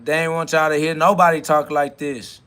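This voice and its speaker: A man's voice: on the high side, little pitch movement, a little fast, a bit bright. A man hosting a live spiritual self-talk podcast, preaching in a rambling, slangy way and answering comments from his chat. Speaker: podcast host.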